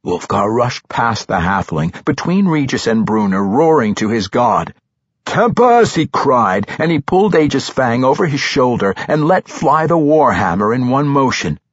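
A man narrating a fantasy novel with expressive storytelling, slowing for suspense. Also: mid-range voice, breathy edge, no room sound, lo-fi sound. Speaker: audiobook narrator.

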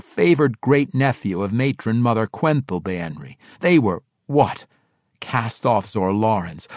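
A man narrating a story in an expressive, animated way, recorded on a close studio mic. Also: lowish voice, dry recording. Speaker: audiobook narrator. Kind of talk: scripted narration.

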